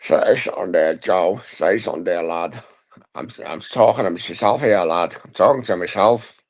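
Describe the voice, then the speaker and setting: A man on a stream call putting on a gruff, throaty voice, teasingly calling the host "lad". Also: deep voice, normal speed. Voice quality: gravelly, throaty. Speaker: caller on a live stream.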